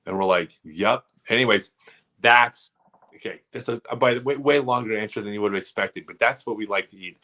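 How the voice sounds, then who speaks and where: A man hosting a casual live stream, telling rambling, animated stories full of asides. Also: mid-range voice, brisk.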